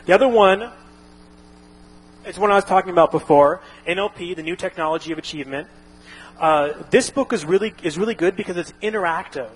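A man's voice: high-pitched, brisk, slightly rough, low-quality recording. Rambling man explaining casually. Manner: rambling, frequent restarts and fillers. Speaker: instructor.

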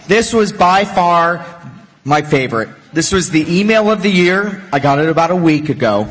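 A man's voice: high voice, animated, normal speed, fairly bright tone, big-room sound. A man on a conference panel, telling a funny story in a jokey, self-deprecating way. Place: large conference hall.

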